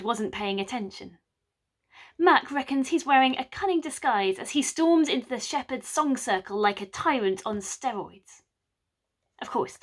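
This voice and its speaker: A woman storyteller with a slightly high voice retells a medieval play as a winter tale. She adds wry, chatty asides to her listeners as she goes. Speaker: storyteller, medieval drama scholar.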